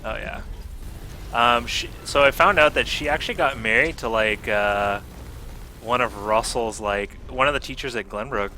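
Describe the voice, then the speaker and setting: A man's voice: medium pitch, normal speed, sharp tone, slight background noise. A young man in his twenties, chatting casually while playing a game, laid-back with short replies. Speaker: gaming streamer. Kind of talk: casual chat while gaming.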